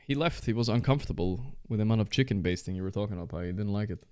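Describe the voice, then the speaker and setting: Give me a low-voiced man streaming live, excitable and swearing while he trash-talks. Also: racing, clean tone. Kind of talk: casual live-stream chat while playing.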